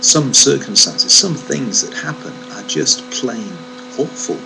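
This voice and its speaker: Male Bible teacher, animated emphatic delivery with rhetorical questions, recorded with a steady hum behind. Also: medium pitch, a little slow, creaky. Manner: emphatic, rhetorical questions, stresses key words. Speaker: Bible teacher giving a short devotional. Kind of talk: reflective devotional talk. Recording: steady mains hum under the voice.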